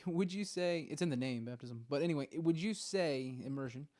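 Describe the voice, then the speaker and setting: A man hosting a podcast interview, asking earnest, measured questions. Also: on the high side, darkish tone. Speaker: podcast host. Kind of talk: interview conversation.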